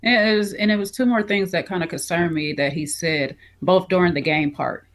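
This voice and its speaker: A woman's voice: lowish voice, a little fast. A woman co-hosting a casual review podcast, recounting scenes in a chatty way with many fillers. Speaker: podcast co-host.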